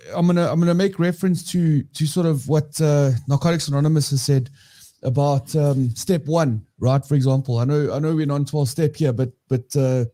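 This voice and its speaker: A man with a fairly high, mellow voice co-hosts a podcast about recovery. His casual talk rambles, and he often corrects himself as he goes.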